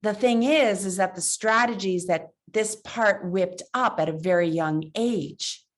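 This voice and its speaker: A middle-aged woman, a love coach, hosting a casual talk to camera in a playful, animated way. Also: mid-range voice, unhurried. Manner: playful and animated, acts out voices with puppets. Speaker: love coach and show host.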